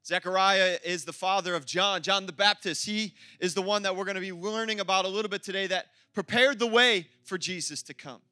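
A man preaching a sermon as pastor, energetic and exclamatory, with playful asides to the congregation. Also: high-pitched, brisk, few pauses, no echo, clean studio sound, soft background music.

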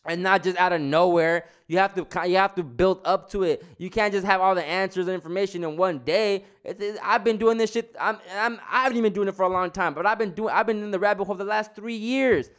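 A man's voice: sits high, fairly even intonation, fast, hardly any pauses, a bit bright, clean tone. A young man ranting heatedly in a casual monologue, swearing often and restarting his sentences. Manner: heated, profane, repetitive restarts. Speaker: vlogger.

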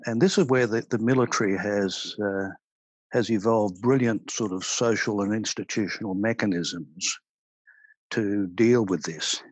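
Older man, retired officer guest, low husky voice, dry close sound, measured explainer. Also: no echo, low-quality recording. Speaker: retired army brigadier, guest. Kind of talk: podcast interview.

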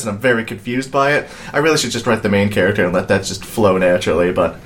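A man co-hosting a loose podcast conversation, his voice sitting at an everyday middle pitch. He rambles through his thoughts with plenty of swearing and laughter, sounding mentally worn out. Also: quick pace, few pauses, a bit bright. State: mentally exhausted. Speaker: podcast co-host. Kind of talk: casual podcast chat.

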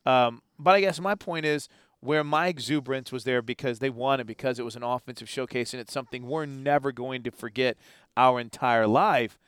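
A man co-hosting a football talk show in an easygoing, conversational way, often tripping over and restarting his sentences. His voice sits at an ordinary pitch, and the recording is close and dry. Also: fairly quick, fairly bright tone, clean tone, no room sound. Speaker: sports talk host. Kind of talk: casual sports chat.

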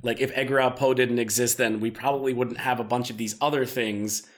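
A man's voice: mid-range voice, fairly even intonation, brisk. A man co-hosting a podcast in casual chat, rambling and joking with many fillers. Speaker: podcast co-host.

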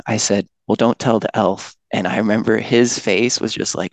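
Low gravelly man telling a story. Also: steady tone, a little slow, no room sound. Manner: laid-back, self-deprecating, many fillers. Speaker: podcast guest. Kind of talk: casual storytelling.

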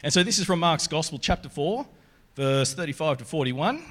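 A man giving a sermon in a relaxed, conversational way, reading scripture aloud along the way. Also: a little high, moderate pace. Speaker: preacher.

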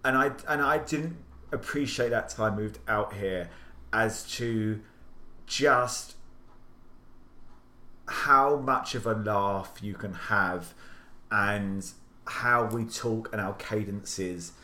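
A man's voice: fairly low pitch, slow pace, pauses often, bright, forceful tone. An English man co-hosting a podcast, telling rambling anecdotes in casual chat with lots of restarts. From England. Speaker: podcast co-host.

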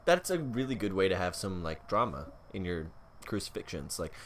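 A man's voice: low-pitched, sing-song, moderate pace, a bit bright, a little hiss or hum. A man co-hosting a casual podcast, laid-back and joking, chiming in with short replies. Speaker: podcast co-host. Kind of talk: casual chat.

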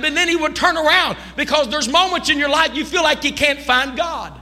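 A man preaching a sermon from the pulpit, swinging between quiet asides and loud, sung shouts. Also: very high-pitched, long reverb tail. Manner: preaching with rising shouts and sung, drawn-out lines. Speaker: pastor. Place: church sanctuary.

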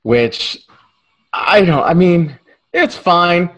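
A man's voice: sits high, animated, extremely slow, a bit bright. A man co-hosting a film review podcast, enthusiastic, stammering and repeating words. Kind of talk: casual film chat.

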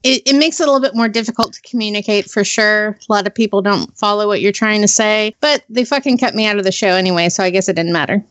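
A woman with a high, squeaky voice, guest-hosting a casual podcast, laid-back and swearing casually. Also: fast, hardly any pauses, a bit bright, no room sound. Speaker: guest host.

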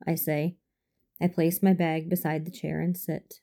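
A woman reading a first-person fan fiction story aloud in a measured, formal, restrained manner. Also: deep voice, level tone, vocal fry, mellow. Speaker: audiobook reader.

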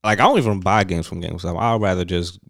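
A man's voice: low-pitched, fast talker, no room sound, studio quality. A young man co-hosting a casual chat, talking in laid-back slang and acting out quotes.

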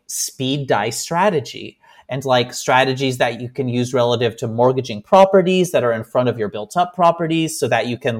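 Young man, guest storyteller, lots of fillers, restarts, self-mocking. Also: medium pitch. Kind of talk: casual storytelling.

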